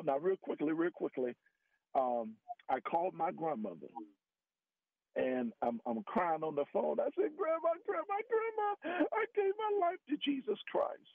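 Man, husky voice, earnest personal testimony, tinny phone-line radio audio. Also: no room sound. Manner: earnest storytelling, rises in pitch for emphasis.

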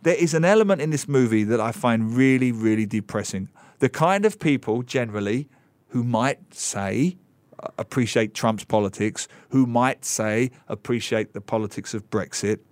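A man's voice: mid-range voice, no room sound. Sarcastic forties guy ranting about movies on a radio show, dry studio sound. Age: 40s. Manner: animated and sarcastic, with mocking asides. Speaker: radio guest and film commentator. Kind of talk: casual radio chat.

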